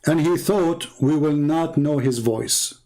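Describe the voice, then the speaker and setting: A man speaking somewhat high for a male voice, hosting a livestream from home. He taunts and mocks in a sarcastic tone and hammers his points by repeating them. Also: slow pace, mellow. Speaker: livestream host. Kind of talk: mocking livestream commentary. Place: home setup streaming online.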